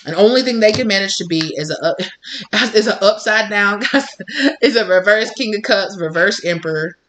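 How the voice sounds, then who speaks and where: Bright-voiced woman doing a blunt tarot reading. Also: medium pitch, lively intonation, normal speed, slight background noise, low-quality recording. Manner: chatty, blunt, profane, laughs often. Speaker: tarot reader.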